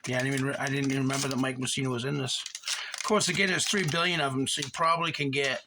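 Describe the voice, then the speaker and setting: A man's voice: mid-range voice, fairly even intonation, very fast, heavy background noise. A man hosting a card-collecting channel, chatting casually and rambling as he reads off card names while opening packs. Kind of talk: casual box-opening commentary.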